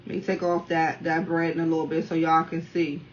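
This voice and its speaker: A woman in her thirties from the Washington, D.C. area, chatting casually while eating on camera at home and keeping up a steady stream of remarks to her viewers. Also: low voice, fairly quick. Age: 30s. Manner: talkative, keeps addressing viewers as y'all. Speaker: mukbang vlogger. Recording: dull, slightly distant sound with faint room noise.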